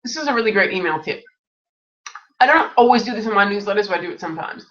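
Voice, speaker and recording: A woman's voice: mid-range voice, animated, quick pace, a bit bright. A woman with a stuffy, nasal voice from being unwell, hosting a casual live Q&A and giving chatty advice full of restarts and asides. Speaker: webinar host answering questions. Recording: distant mic, dull lo-fi sound.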